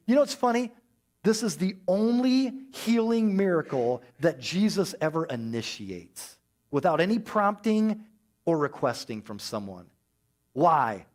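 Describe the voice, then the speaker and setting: Pastor guy preaching, animated, does little voices for the people in the story, high voice. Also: a little slow. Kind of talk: sermon.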